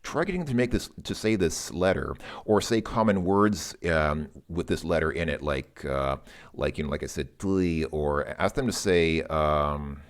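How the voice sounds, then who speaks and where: A man's voice: very deep voice, moderate pace. A man who is not a native Russian speaker, casually explaining how to pronounce a sound, rambling and correcting himself as he thinks aloud. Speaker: language learner explaining pronunciation.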